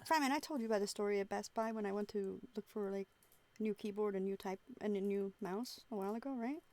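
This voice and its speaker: A woman streamer in casual group chat, telling stories with animated quoted voices. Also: mid-range voice, quick pace, no echo.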